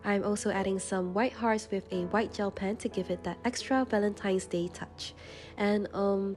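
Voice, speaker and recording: A young woman with a slightly stuffy, congested voice narrates a voice-over for her journaling channel, calm and gentle. Her tone is mellow and warm, at a middle pitch, and soft music plays quietly underneath. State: congested from a runny nose.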